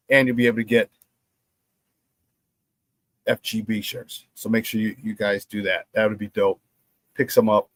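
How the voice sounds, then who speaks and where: A man's voice: medium pitch, no room sound. A man hosting a casual sports talk show, plugging merchandise and telling stories while acting out the quotes. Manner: animated storyteller, acts out quotes.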